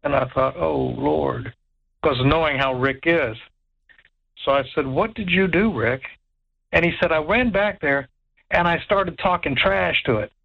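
A man telling a ghost story in an animated way, stammering, repeating words and acting out what others said. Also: a little high, moderate pace, vocal fry, narrow, tinny audio. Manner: stammers and repeats words, acts out quoted voices. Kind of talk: animated spoken anecdote.

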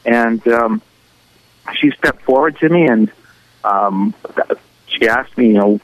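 A man who is a radio interview guest, recounting a personal experience in an earnest, halting, emotional way. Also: mid-range voice, dry recording, dull audio.

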